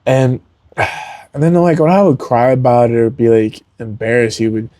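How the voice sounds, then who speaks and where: A man's voice: medium pitch, fairly even intonation, moderate pace, warm tone, no room sound, studio quality. A young adult man, a fighter on a podcast, talking candidly and earnestly, rambling with lots of "like" and "man". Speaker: podcast guest, MMA fighter. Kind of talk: candid emotional interview talk.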